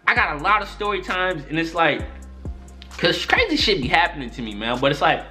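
A young man telling a story-time vlog in an exasperated, profane, animated way. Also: fairly high pitch, fairly quick, faint music behind. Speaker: YouTuber.

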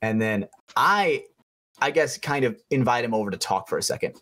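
A young man co-hosting a podcast, telling a story in a loose, animated way, swearing freely and acting out the people in it. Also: mid-range voice, moderate pace. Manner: animated, swearing storyteller who acts out voices. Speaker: podcast co-host. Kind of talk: casual storytelling chat.

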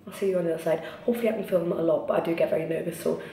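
A woman's voice: low-pitched, fairly even intonation, racing, vocal fry, dark tone. A young woman with a Geordie accent from Newcastle chatting candidly in a get-ready-with-me vlog, ranting and swearing freely. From Newcastle, England. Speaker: vlogger. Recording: echoey, distant, noisy.

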